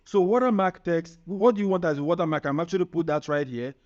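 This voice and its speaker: A man's voice: fairly high pitch, fast, a little mellow. Chatty man walking through a tutorial. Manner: upbeat, chatty, keeps asking "right?". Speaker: tutorial presenter. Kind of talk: screen-recorded software tutorial. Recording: muffled lo-fi sound.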